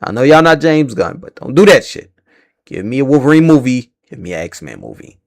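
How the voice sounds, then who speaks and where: A man's voice: medium pitch, very animated, fairly quick, a little mellow, dry recording, clean studio sound. A young man hosting a live stream, ranting angrily and swearing freely about film news. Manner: angry, profane ranting.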